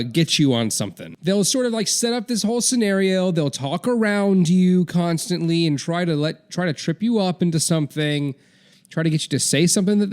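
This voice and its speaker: A man's voice: fairly high pitch, a little mellow. A man giving rambling, sarcastic comedic commentary as a vlogger, full of filler words.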